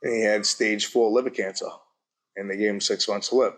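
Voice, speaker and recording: A middle-aged man telling his own story at a public forum, speaking plainly and haltingly. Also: fairly low pitch, steady tone, a bit bright. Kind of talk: personal testimony at a public forum. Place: university event hall.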